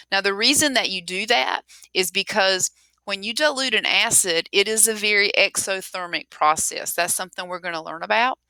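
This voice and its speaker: Woman teacher, middle-aged, bright clear tone, dry close sound, emphatic classroom explaining. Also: fairly low pitch, no echo. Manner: clear, emphatic, repeats key rules. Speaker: chemistry teacher. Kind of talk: recorded classroom lesson.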